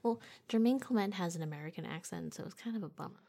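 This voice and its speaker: A woman with a fairly low voice chats casually about movies with her co-host. She is giggly and talks loosely with lots of filler words. Her manner stays light and friendly. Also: fast, gravelly, dark tone. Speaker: podcast co-host.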